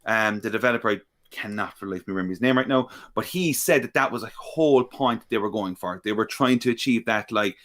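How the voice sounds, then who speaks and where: A man's voice: fairly low pitch, fast, few pauses, fairly bright tone. A man co-hosting a gaming podcast, rambling enthusiastically and repeating words for emphasis. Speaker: podcast co-host. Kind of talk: casual chat.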